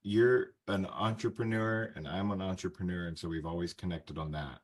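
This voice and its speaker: A man's voice: sits low, moderate pace. A man in his thirties from the United States, hosting a casual interview podcast and asking friendly questions. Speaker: podcast host.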